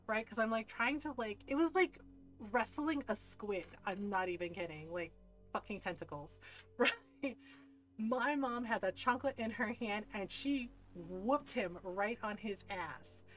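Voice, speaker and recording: A woman streamer telling a story in casual chat, animated, swearing freely and laughing often. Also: mid-range voice, poor audio.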